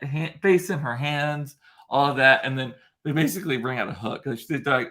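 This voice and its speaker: A young man vlogs casually to camera, rambling through a funny story full of ums and laughing asides. His mid-range voice moves at a moderate pace and sounds pushed and bright.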